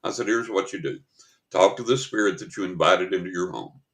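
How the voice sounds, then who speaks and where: A man's voice: low voice, fairly quick. A man hosting a paranormal talk show, telling a story in casual chat and acting out the voices of the people in it.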